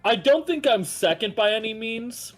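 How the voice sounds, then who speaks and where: A player talking slowly and hesitantly during a party game with friends. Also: mid-range voice, expressive, faint music behind. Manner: slow, hesitant, restarts often. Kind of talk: casual group game stream banter.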